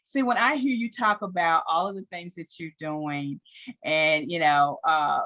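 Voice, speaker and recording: A woman's voice: low-pitched, a little slow, fairly bright tone, muffled recording. A woman hosting a live online interview, talking unscripted and cheering her guest on with lots of affirmations. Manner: enthusiastic, unscripted, many affirmations. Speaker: host.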